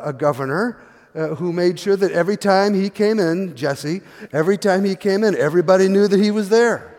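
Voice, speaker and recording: A man's voice: on the high side, darkish tone. A middle-aged man preaching a sermon as pastor, telling a story with many fillers and restarts. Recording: long hall reverb.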